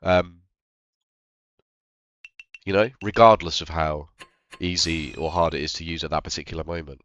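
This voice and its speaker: A man's voice: very deep voice, fairly even intonation, normal speed, a bit bright, highs cut off, a little hiss or hum. A man, who is ill, casually thinking aloud over his game with rambling, self-deprecating remarks. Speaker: game streamer. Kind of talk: casual gameplay commentary.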